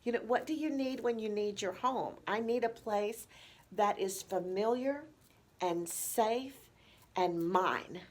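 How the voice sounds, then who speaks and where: A woman, a nurse and educator teaching caregivers in a measured way with slow, emphatic pauses. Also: medium pitch.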